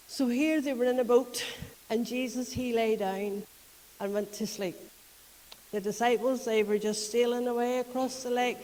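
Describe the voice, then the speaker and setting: A woman's voice: fairly high pitch, a little mellow, long reverb tail, low-quality recording. A woman with a Northern Irish accent preaching a conversational sermon, retelling a story in a chatty way and often laughing. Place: church.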